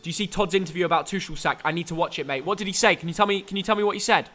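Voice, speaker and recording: A young man hosting a live football watch-along, excitable and full of teasing banter. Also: sits high, rapid-fire. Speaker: live stream host.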